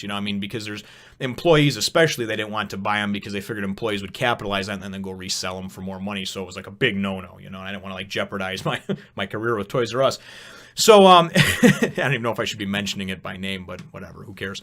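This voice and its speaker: A man's voice: lowish voice, very fast, a bit bright. A young man from Chicago telling a long, rambling personal story in a casual vlog, with frequent asides and swearing.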